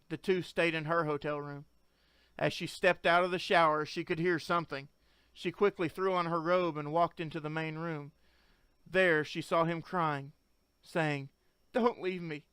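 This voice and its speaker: A man's voice: a little high, a bit bright, clear, resonant tone, no room sound, studio quality. A man narrating a story as an audiobook, reading earnestly and shifting into each character's voice.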